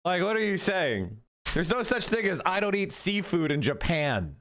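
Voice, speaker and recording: Animated, profane male streamer. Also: high-pitched, normal speed. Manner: blunt, profane, heated. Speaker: streamer reacting to clips. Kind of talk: casual profane live commentary.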